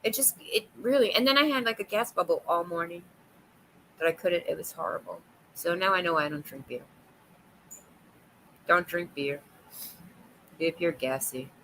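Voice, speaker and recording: A woman hosting a casual livestream chat with viewers, talkative and quick to laugh, often restarting her sentences. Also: on the low side, a bit bright, a little hiss or hum, poor audio. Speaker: livestream host.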